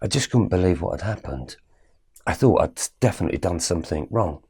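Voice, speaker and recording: A middle-aged man recounting a personal story with animated storytelling, growing quiet and low at emotional moments. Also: brisk, vocal fry, breathy edge. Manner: animated storytelling with quoted exchanges. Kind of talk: personal story told to camera.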